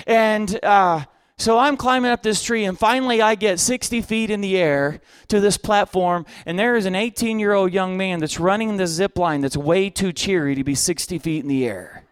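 A man preaching a sermon as a humorous story, comic and self-mocking in a lively way. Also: high-pitched, normal speed, clear, resonant tone, no echo.

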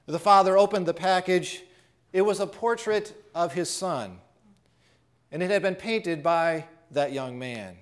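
A male preacher who tells a story with a high voice. He speaks in a dramatic way and drops almost to a hush on his key lines. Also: expressive, measured pace. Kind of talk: sermon storytelling.

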